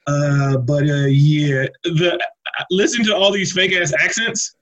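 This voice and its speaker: A man with a somewhat high voice co-hosts a podcast, walking through a movie scene by scene. His talk is loose and full of slang, fillers and laughter. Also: measured pace, fairly bright tone, poor audio. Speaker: podcast co-host. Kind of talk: casual movie recap chat.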